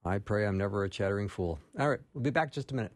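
A man's voice: lowish voice, lively intonation, rapid-fire. A man hosting a radio talk show, chatting casually with fillers and easy laughs.

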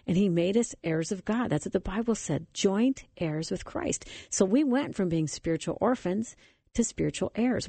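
A woman hosting a Christian radio program, speaking with warmth and enthusiasm. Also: on the low side, husky, no echo. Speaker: radio host.

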